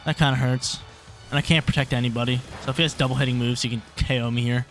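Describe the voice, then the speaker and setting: Excitable young man commentating his gameplay. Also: mid-range voice, fast. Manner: excitable, thinks aloud, repeats phrases. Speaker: gaming YouTuber. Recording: faint background music.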